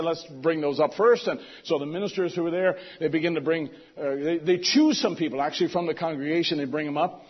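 Male preacher, fairly high voice, storytelling sermon, loud then hushed. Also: slightly rough, highs cut off. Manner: animated retelling, swings from loud emphasis to hushed asides.

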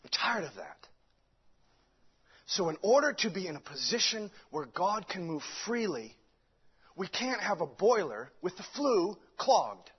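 A man's voice: sits high, very animated, measured pace, breathy edge. A man preaching a sermon with fervent delivery, stumbling over restarts and many fillers. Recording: dull lo-fi recording.

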